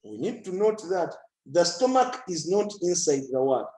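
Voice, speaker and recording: A man's voice: sits high, sing-song, normal speed, mellow, reverberant, low-quality recording. A man teaching a biology lesson in an online class, often asking a question and then answering it himself.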